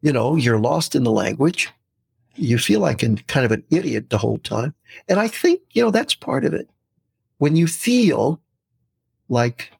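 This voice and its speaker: Man in his sixties, very husky, podcast guest, animated storyteller. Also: fairly high pitch, moderate pace, dry recording, clean studio sound. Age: 60s. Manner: storytelling, lively, animated quotes. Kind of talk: casual podcast interview.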